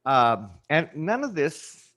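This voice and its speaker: A man hosting a casual livestream chat, rambling and halting with many fillers. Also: fairly high pitch, sing-song, a bit bright. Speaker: show host.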